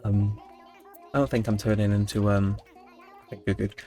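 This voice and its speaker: A man's voice: fairly low pitch, level tone, normal speed, mellow, faint music behind. A young man telling stories in late-night gameplay commentary, rambling with mock-indignant outbursts. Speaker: gaming channel host.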